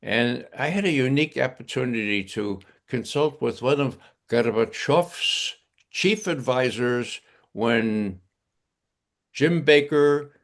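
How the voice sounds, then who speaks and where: Brief: older man, gravelly, slow and didactic talk show guest. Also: mid-range voice. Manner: didactic, punctuates points with "okay?". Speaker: guest commentator. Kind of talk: lecturing talk show discussion.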